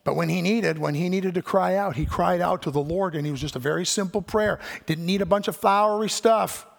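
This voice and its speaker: Older guy preaching a sermon, acts out the quotes, high pitched, echoey church hall. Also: brisk, vocal fry. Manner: animated storytelling, acts out quoted voices. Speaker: pastor. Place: church sanctuary. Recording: church hall with long reverb.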